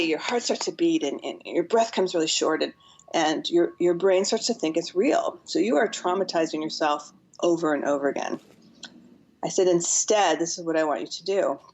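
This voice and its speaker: A woman's voice: lowish voice, vocal fry, darkish tone, dull audio. A woman guest on a podcast, a counselor and author, explaining in an earnest way and sometimes acting out what people say. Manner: earnest, explanatory, acts out quotes. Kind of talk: podcast interview.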